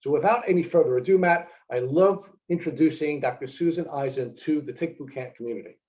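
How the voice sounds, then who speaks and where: A man's voice: on the high side, fairly quick, a little mellow. A man co-hosting a podcast, earnestly introducing the guest in a prepared intro. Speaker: podcast co-host. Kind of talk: scripted introduction. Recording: dull lo-fi sound.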